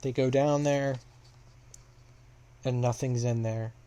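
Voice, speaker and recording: A man's voice: medium pitch, steady tone, slow, mellow, clear, resonant tone. Rambling young man recapping a story. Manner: rambling, filler-heavy.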